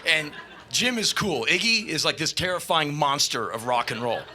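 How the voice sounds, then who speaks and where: Speaking into a stage mic, a man delivers a live spoken-word story at a moderate pace in a slightly high voice. He's animated and profane, breaking into shouts at the story's high points.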